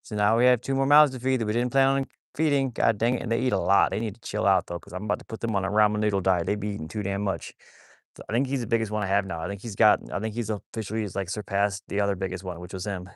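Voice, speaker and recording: A man's voice: fairly low pitch, fairly even intonation, racing, dry recording, clean studio sound. A man chatting casually on a phone livestream about his wolfdogs. He rambles, repeats himself and talks to viewers as y'all.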